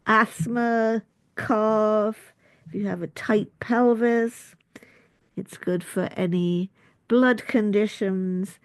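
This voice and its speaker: A woman's voice: medium pitch, darkish tone, dry recording. A middle-aged woman with an English accent, a doctor and school principal, giving a chatty, informal health talk to camera with jokey asides. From United Kingdom.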